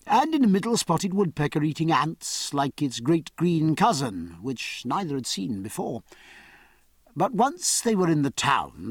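A man reading a novel aloud as narrator, in a measured, expressive storytelling manner. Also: fairly high pitch, slightly rough, no room sound, clean studio sound. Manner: measured, expressive storytelling with varied character voices. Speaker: audiobook narrator. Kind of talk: scripted narration.

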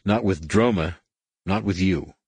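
A man's voice: sits low, a little slow, a little mellow, breathy edge, no room sound, exaggerated voice. A man reading an audiobook, voicing a cocky veteran starship captain with a dry, laconic, almost bored delivery. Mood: wry. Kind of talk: audiobook character voice.

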